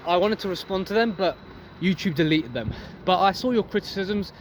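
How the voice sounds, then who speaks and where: A man's voice: high-pitched, animated, a little fast. A young man giving a blunt, profane motivational rant outdoors for his vlog. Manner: intense, profane, preachy. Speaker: vlogger. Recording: loud street traffic noise.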